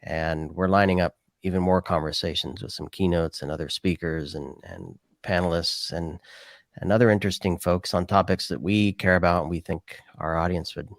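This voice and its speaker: A man's voice: low-pitched, moderate pace, gravelly, no room sound, clean studio sound. A man hosting a podcast, talking casually and rambling as he thinks aloud. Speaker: podcast host.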